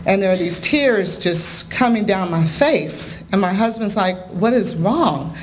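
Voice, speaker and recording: A woman who is a school principal telling a story and reading a former student's letter aloud in an award acceptance speech, talking with animated warmth. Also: mid-range voice, measured pace, a little hiss or hum, rough recording. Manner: animated storytelling, tearful at the end. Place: large hotel ballroom gala.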